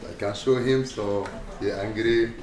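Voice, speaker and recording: A man with a low voice speaks very slowly and haltingly, in non-native phrasing. He sounds distant and echoey, with steady noise around him. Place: outdoors on a boat. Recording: noisy, echoey, far from the mic.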